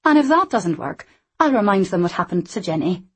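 A woman voicing a lively, teasing young woman who talks in a bright sing-song. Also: mid-range voice, a little fast, slightly rough. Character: lively, cheeky young Scottish woman, playful.

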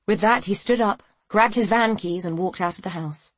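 A woman reading a novel aloud in a measured, even storytelling manner. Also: mid-range voice, no room sound. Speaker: audiobook narrator. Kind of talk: scripted narration.

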